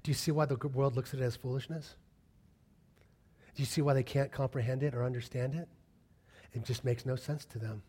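A middle-aged man preaching a sermon, telling stories and acting out the people in them. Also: medium pitch. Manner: animated storytelling, acting out quoted voices. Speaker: pastor.

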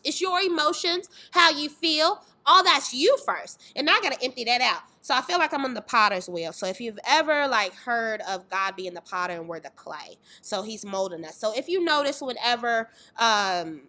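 Animated high-voiced woman telling a story. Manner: lively storytelling with acted-out voices and exclamations. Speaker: fitness trainer and dance tour organizer. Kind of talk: candid faith testimony in casual conversation.

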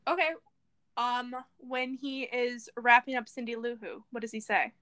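A young woman co-hosting a podcast in casual chat, animated and playfully indignant. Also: fairly high pitch, moderate pace. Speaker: podcast co-host.

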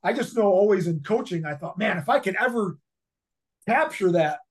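A man's voice: sits high, animated, moderate pace. A man in his fifties, a head football coach, telling stories in a casual interview, rambling with many fillers and repeated words. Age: 50s.

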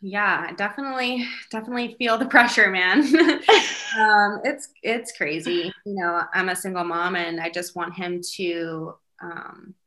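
A woman's voice: medium pitch, unhurried, bright, forceful tone. A woman, a single mother, chatting casually in an interview with many fillers and light laughs. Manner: chatty, lots of fillers, giggly.

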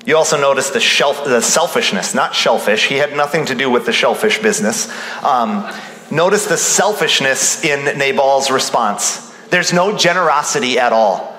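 A male pastor preaching an animated sermon, acting out the voices of the people he quotes. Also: medium pitch, normal speed. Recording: roomy hall reverb.

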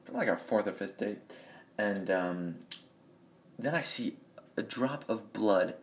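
A man's voice: on the low side, expressive, takes it slowly. A man ranting bluntly and profanely in a rambling monologue, recorded on a phone in an echoey room. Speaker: vlogger.

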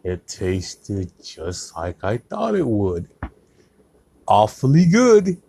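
A man's voice: sits low, wildly swooping pitch, takes it slowly, creaky, warm tone, slightly rough, no room sound. A man hosting his own podcast, rambling casually with lots of swearing and jokes. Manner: profane, rambling, joking, drinking beer on mic. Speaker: podcast host.

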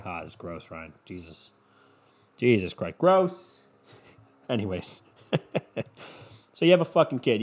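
A man's voice: medium pitch, darkish tone. A man ranting in a sarcastic, profane, rambling comedic monologue as a podcast host. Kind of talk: comedic rant.

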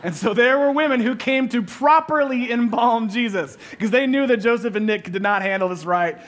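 High-voiced man preaching an animated sermon. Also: normal speed. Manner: animated storytelling with playful asides, dropping to a hushed tone for reflection. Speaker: pastor.

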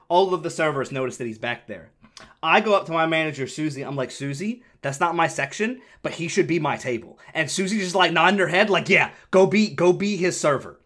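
A young man with an animated delivery, casually telling a story on a podcast, swearing freely and acting out the voices of the people in it. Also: fairly high pitch. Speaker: podcast co-host.

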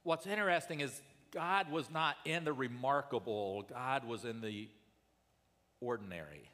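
A male pastor preaching a sermon in an earnest way, rising loud and then dropping soft. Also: mid-range voice, normal speed, in a large hall.

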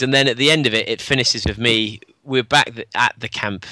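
A man on a podcast telling a story in casual chat, animated, acting out the dialogue and laughing often. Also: mid-range voice, a little fast, no room sound.

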